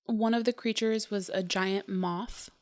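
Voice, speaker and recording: A young woman co-hosting a podcast in casual chat, easygoing and quick to murmur agreement. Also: medium pitch, fairly even intonation. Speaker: podcast co-host.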